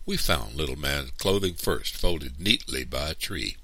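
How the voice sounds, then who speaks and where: A man reads a story aloud in a very deep, gravelly voice. His delivery is lively and animated, with a bright, crisp edge, and it sounds close and dry. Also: normal speed, no room sound. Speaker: storybook reader. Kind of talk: expressive read-aloud narration.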